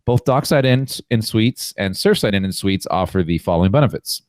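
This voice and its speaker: A man co-hosting a podcast, relaxed and explaining things plainly. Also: fairly low pitch, a little fast, no room sound. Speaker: podcast co-host. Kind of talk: casual podcast chat.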